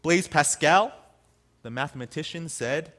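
A man with a high voice preaches a sermon in an easygoing, conversational manner. He talks like a pastor chatting with his congregation. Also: a little slow, fairly bright tone. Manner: conversational, acts out quotes in other voices.

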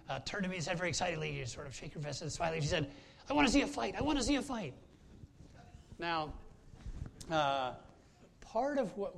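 A man's voice: a little high, a little hiss or hum. A man preaching a sermon as pastor, telling a personal story in a conversational way with frequent hesitations and restarts.

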